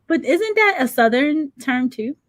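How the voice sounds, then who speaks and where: A woman's voice: high-pitched, big pitch swings, a little slow, no echo. Laughing woman reading chat comments, dry sound. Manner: reads viewer comments aloud, laughs often. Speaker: livestream co-host. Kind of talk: casual livestream chat.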